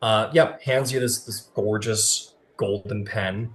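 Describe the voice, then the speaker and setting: A man's voice: lowish voice, fairly even intonation, slow. A man narrating as game master of a tabletop game, casual and full of "uh" and "like". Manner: casual, filler-heavy narration.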